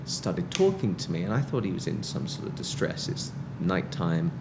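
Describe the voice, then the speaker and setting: A man's voice: sits low, very animated, moderate pace, noisy background. A British man, a musician guest in a casual interview, telling stories with wry, self-mocking humor.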